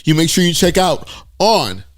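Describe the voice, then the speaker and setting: A man's voice: on the high side, big pitch swings, moderate pace. A man co-hosting a podcast, cracking crude jokes in casual banter. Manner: joking, crude, laughing asides. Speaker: podcast co-host.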